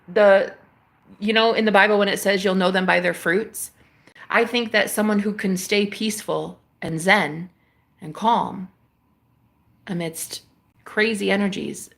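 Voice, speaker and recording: A woman's voice: mid-range voice, vocal fry, a bit bright. A woman hosting a livestream, talking casually about spirituality and acting out phone calls in quoted voices. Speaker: livestream host.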